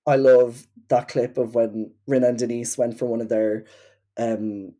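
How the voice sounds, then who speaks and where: A woman's voice: very deep voice, little pitch movement, unhurried, dark tone. A woman co-hosting a casual chat podcast, rambling and chatty with many fillers. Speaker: podcast co-host.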